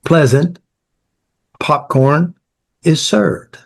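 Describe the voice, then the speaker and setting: A man's voice: a little high, drawn-out words, vocal fry. A man working as an emotional therapy coach, explaining his ideas through client stories in a direct, repetitive way. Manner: direct, repetitive, lists ideas in short bursts.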